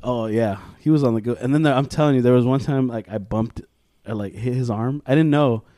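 A young man co-hosting a podcast, telling swearing-laced stories in animated chat and acting out the quotes. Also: medium pitch, a little fast, no room sound. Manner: profane, animated storytelling with acted quotes. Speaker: podcast co-host. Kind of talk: casual chat.

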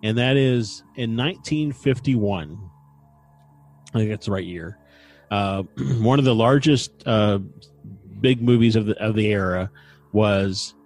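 A man's voice: lowish voice, a little slow, darkish tone, faint music behind. A man hosting a casual podcast, recounting events with dry humor and frequent fillers. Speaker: podcast host. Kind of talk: casual chat and storytelling.

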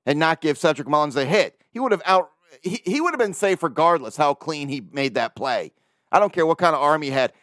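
A man's voice: fairly high pitch, a bit bright, no echo, clean studio sound. A man hosting his own sports podcast, talking casually and ranting with plenty of swearing and laughter. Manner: profane, ranting, laughs often. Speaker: podcast host. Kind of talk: casual solo sports talk.

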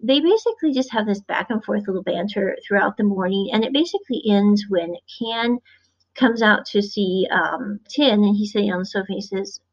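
A Midwestern woman reviewing a show rambles chattily through a casual episode recap, acting out quotes. Her medium-pitched voice is brisk, captured on a dull lo-fi recording.

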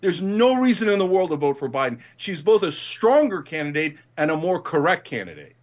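A man's voice: fairly high pitch, big pitch swings, fairly quick. A middle-aged man in a heated political debate, emphatic and passionate, rising to indignant outbursts. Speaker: guest commentator.

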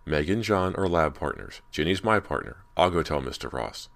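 A man with a very deep voice voicing a cool, easygoing teenage boy in an audiobook. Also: big pitch swings, normal speed, vocal fry, fairly bright tone, heavily acted. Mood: casual. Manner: casual, cool.

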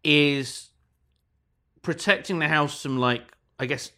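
A woman's voice: deep voice, slow, bright, forceful tone. A woman co-hosting a casual chat, retelling a story with lots of hedging fillers and laughing easily.

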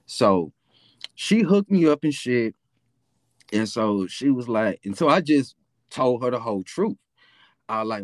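A man's voice: medium pitch, expressive, measured pace, pauses often, no room sound, clean studio sound. A young man with a Memphis accent, casually telling a profane, rambling story as a podcast host. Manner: laid-back, profane, rambling with fillers.

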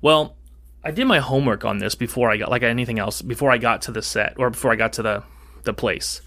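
Bright-voiced man telling a story. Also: medium pitch, quick pace. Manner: rambling, animated, acts out quoted dialogue. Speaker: podcast co-host. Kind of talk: casual storytelling chat.

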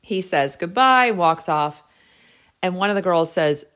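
Bubbly low-voiced woman telling stories. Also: animated, unhurried, fairly bright tone. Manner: bubbly and gushing, heavy use of "like". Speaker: realtor and podcast host. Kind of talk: casual solo storytelling.

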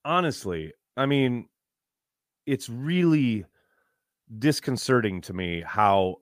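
A man's voice: medium pitch, lively intonation, takes it slowly, dry recording, studio quality. Exasperated man ranting on a fan podcast. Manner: exasperated, swears freely. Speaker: podcast host. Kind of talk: live fan podcast rant.

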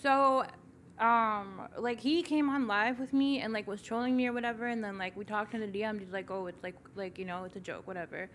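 A woman's voice: medium pitch, brisk, fairly bright tone, a little hiss or hum. Blunt, profane woman from Toronto. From Toronto, Canada. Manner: blunt, profane, filler-heavy. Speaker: guest. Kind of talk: casual interview chat.

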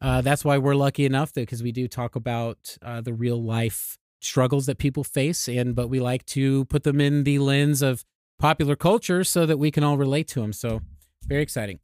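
A man's voice: mid-range voice, fairly even intonation, normal speed, darkish tone, clear, resonant tone, no room sound, studio quality. A man co-hosting a podcast, talking casually and upbeat, laughing often and restarting his sentences. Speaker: podcast co-host.

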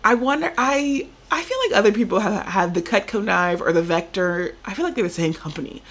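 Brief: young woman podcast co-host, lively storyteller, casual, mid-pitched. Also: brisk. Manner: animated storyteller, acts out quoted voices. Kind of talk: casual chat.

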